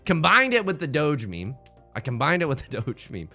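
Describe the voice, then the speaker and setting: A man hosting a let's play, giving excitable, joking, meme-heavy commentary on his own game. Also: a little high, normal speed, faint music behind. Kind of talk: live gameplay commentary.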